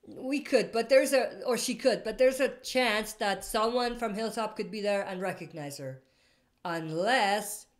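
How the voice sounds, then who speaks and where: A woman hosting a casual live stream, reading out viewer comments and answering in a rambling way, often stopping to correct herself. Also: medium pitch. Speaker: livestream host answering viewer questions.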